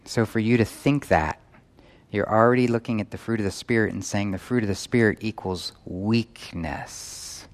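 A man's voice: fairly low pitch, normal speed. A man preaching a sermon, asking the listeners question after question. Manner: asks the audience questions. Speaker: pastor. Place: church in New York.

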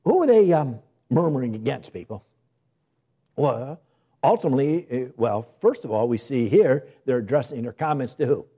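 A man's voice: mid-range voice, animated, normal speed, warm tone, husky. A male pastor preaching a sermon with emphatic delivery and many rhetorical questions.

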